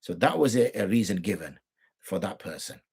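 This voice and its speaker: A middle-aged man with a low, expressive, somewhat mellow voice and a breathy edge talks at normal speed. He's an Islamic jurist teaching prayer rules live, pressing his points with rhetorical questions and imitations of those he corrects.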